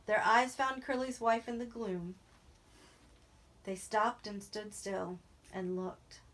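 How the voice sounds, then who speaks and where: A woman reads a novel aloud at a mid pitch, steady and even. There is a faint hiss of noise under her voice. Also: takes it slowly. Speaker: reader.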